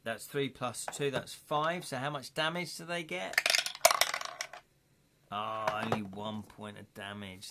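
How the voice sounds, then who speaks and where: A man's voice: medium pitch, slow, very noisy. A man chatting casually on a live stream as he plays through a gamebook, thinking aloud and correcting himself as he counts up dice rolls.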